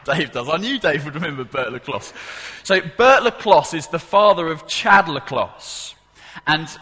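A man preaching in a church with a bright, forceful voice that carries a long hall reverb. He speaks emphatically, repeats his key phrases and turns questions to the congregation. His voice sits a little high for a man. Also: slightly rough. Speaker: pastor. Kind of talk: sermon. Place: church service.

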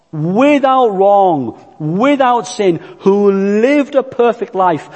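A man preaching a sermon, earnest and deliberate, walking listeners through illustrations. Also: sits high, darkish tone. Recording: long church reverb.

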